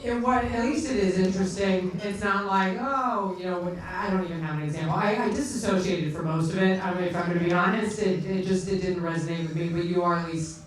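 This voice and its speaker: A woman's voice: fairly low pitch, steady tone, fast talker, few pauses, slight background noise. A woman judging acts at a live comedy night, giving blunt, crude and candid feedback. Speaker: comedy show judge. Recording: very echoey club, distant mic, crowd.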